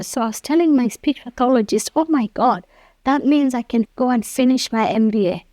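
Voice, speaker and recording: A woman's voice: high-pitched, a little fast, a little mellow, no echo. A woman in her fifties, an interview guest, telling her personal story earnestly and acting out the dialogue she quotes.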